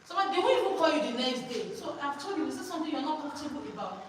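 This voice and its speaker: Lady trainer, high voice, makes the room repeat after her, super echoey hall from far off. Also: animated, rapid-fire. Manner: call-and-response drilling, prompting listeners to finish her sentences. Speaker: teacher trainer. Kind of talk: teacher training workshop. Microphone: far from the microphone. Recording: echoey hall, distant mic, noisy.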